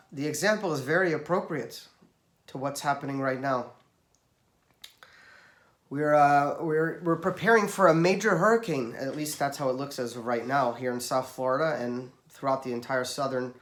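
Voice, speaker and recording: A man's voice: medium pitch, moderate pace. A man giving an emphatic, storytelling Torah talk, recorded in an echoey room. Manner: storytelling, emphatic, rising for quoted voices. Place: South Florida.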